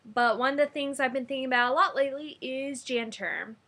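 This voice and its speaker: A woman's voice: high voice, fairly quick, sharp tone. A young American woman chatting casually to camera in a vlog, bubbly and talkative, her volume jumping up and down. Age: young adult. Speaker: vlogger.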